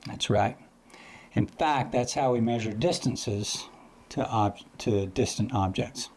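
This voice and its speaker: A man's voice: medium pitch, takes it slowly, breathy edge. A man teaching astrophotography in a loose, chatty way, sometimes imitating sounds to make a point. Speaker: astrophotography educator. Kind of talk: casual explanatory lesson.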